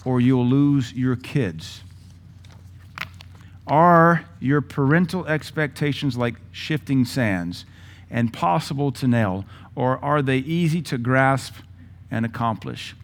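A man in his thirties preaching a sermon in a blunt, folksy way, acting out his children's voices. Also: medium pitch. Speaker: pastor.

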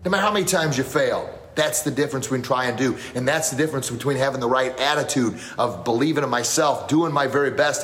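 A man who teaches martial arts, giving a motivational talk on a live stream, telling stories with lots of energy and reading out viewer comments as he goes. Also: mid-range voice. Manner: animated storytelling, gets loud and excited acting out scenes. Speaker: martial arts instructor and podcast host.

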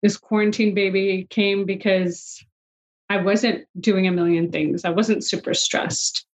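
A woman's voice: medium pitch, steady tone, measured pace. A woman in her forties telling a personal story in an interview, quoting dialogue and sounding emotional. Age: 40s. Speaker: guest. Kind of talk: conversational interview.

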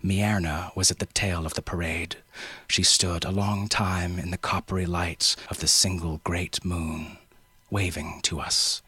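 Male story narrator, very husky, forceful delivery. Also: low-pitched, level tone, no echo. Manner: measured storytelling. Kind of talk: scripted narration.

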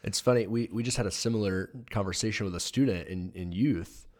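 A man co-hosting a casual podcast who teaches youth, telling animated stories with plenty of fillers. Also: lowish voice, a little fast. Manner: storytelling, animated, many fillers. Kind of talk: casual chat.

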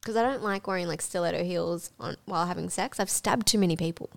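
A woman's voice: lowish voice, quick pace, gravelly. A young woman co-hosting a podcast, talking candidly and giggling, with lots of fillers. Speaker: podcast co-host. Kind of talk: casual chat.

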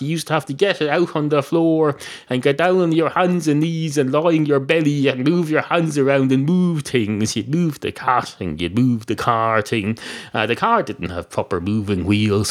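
An Irish man hosting a solo comedy podcast, talking in a deadpan, digressive way with many fillers. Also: a little high. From Ireland. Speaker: podcast host. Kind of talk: rambling solo comedy monologue.

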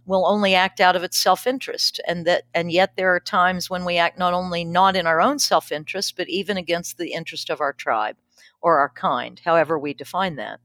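A woman's voice: on the low side, a bit bright, no room sound, clean studio sound. Emphatic, reflective woman pastor. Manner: emphatic, reflective, laughs easily. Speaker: pastor and podcast guest. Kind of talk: casual conversational interview.

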